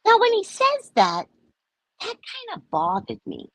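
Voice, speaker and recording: Middle-aged female host, casual storyteller, pitch jumps high and low, slightly husky. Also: a little slow, no room sound. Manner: animated, dramatic retelling with swings between loud and soft. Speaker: spiritual reader and show host.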